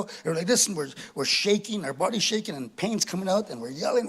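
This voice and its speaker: Animated comedian guy, high husky voice, keeps tossing in "eh?". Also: fast, hardly any pauses. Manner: animated, tag questions with "eh", acts out laughs. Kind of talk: stand-up storytelling. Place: live performance venue.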